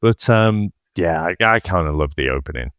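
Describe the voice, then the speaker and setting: A man's voice: low-pitched, lively intonation, normal speed, a bit bright, no echo, clean studio sound. A man co-hosting a casual film-review chat, talking animatedly and swearing now and then. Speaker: podcast co-host.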